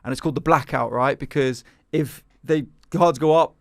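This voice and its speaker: In clean, dry studio audio, a man with a mid-range voice talks at normal speed. He's a comedian guest casually sharing a story from a gig, bringing it to life by performing the quoted lines himself.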